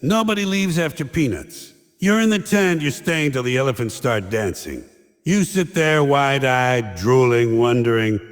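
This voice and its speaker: A man's voice: a little high, very animated, unhurried, faint music behind. An older man delivering a sardonic stand-up monologue, mocking and ranting in punchy short lines. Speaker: stand-up comedian. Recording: long hall reverb.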